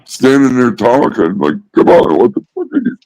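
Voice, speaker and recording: A man's voice: medium pitch, wildly swooping pitch, moderate pace, gravelly, crowd noise, low-quality recording. A man in a casual group chat who complains in an exasperated, profane way.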